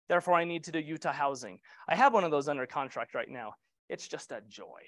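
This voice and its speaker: A man's voice: high-pitched, fairly bright tone, no room sound. A middle-aged man leading a real estate training session, casual and joking, asking the group questions.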